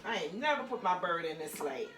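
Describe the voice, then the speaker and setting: A woman's voice: fairly low pitch, big pitch swings, a little fast, a bit bright, roomy sound, faint music behind. A woman vlogger cooking in her home kitchen, chatting playfully to viewers with laughing asides. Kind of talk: casual cooking demonstration.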